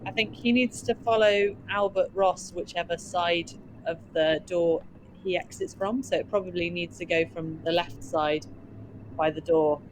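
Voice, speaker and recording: A woman's voice: on the low side, fairly even intonation, unhurried, slight background noise, poor audio. A woman directing a theatre rehearsal over a video call, thinking aloud and checking with tag questions. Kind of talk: rehearsal planning talk.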